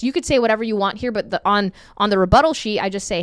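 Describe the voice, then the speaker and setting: A woman's voice: mid-range voice, fast talker, hardly any pauses, no echo, studio quality. A woman training new callers over a screen share, upbeat and conversational, acting out sample calls. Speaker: sales trainer.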